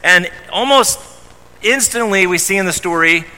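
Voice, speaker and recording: Bright-voiced preacher in a reverberant hall. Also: male voice, high-pitched, lively intonation, moderate pace. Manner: emphatic, repeats words when starting phrases. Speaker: pastor. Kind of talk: sermon.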